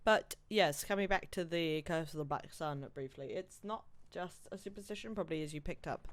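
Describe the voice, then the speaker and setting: A woman with a low voice speaks at normal speed while streaming a video game. She rambles casually as she plays, swearing and laughing at her own mishaps.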